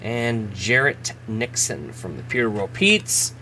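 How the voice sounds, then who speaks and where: A man's voice: on the low side, very animated, a little slow, pushed and bright, a little hiss or hum. A man, casually chatting as he opens trading card packs, laughing at himself and reading names aloud. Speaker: host. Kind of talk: casual card-opening commentary.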